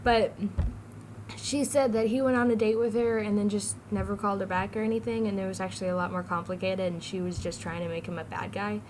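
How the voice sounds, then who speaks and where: A woman's voice: medium pitch, level tone, fairly quick, darkish tone, slight background noise, low-quality recording. A teenage girl vlogging, chatty and giggly, jumping from topic to topic. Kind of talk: casual rambling vlog.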